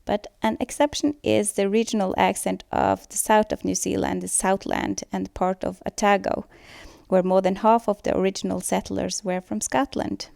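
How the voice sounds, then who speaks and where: A woman's voice: mid-range voice, flat delivery, normal speed, gravelly, darkish tone, dry recording, studio quality. A woman giving a scripted student presentation on pronunciation, explaining steadily with occasional fillers. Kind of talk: school presentation voice-over.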